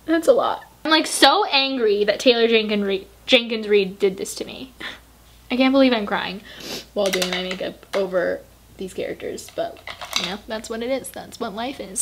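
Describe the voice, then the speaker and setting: Young woman book vlogger with a slightly high voice. Casual, gushing and emotional, with frequent swearing. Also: a bit bright. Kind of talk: casual book review chat.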